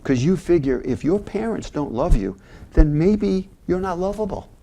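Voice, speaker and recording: A man's voice: high voice, normal speed. An older man, a former mental health agency head, telling stories animatedly as an interview guest. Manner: animated, retells scenes with voices. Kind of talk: interview storytelling.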